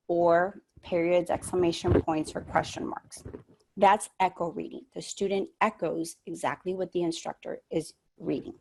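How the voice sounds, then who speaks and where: A woman teaching an online training session for adult education instructors, explaining reading methods in a measured way with frequent fillers. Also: on the low side, a little mellow. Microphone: computer mic on a video call.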